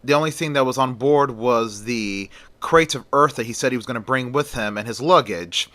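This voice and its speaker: A man narrates a horror tale in a loose, chatty way. His voice is bright and forceful at a middle pitch. The recording is dry and close. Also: normal speed, few pauses, no room sound. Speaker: storyteller. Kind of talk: casual retelling of a horror story.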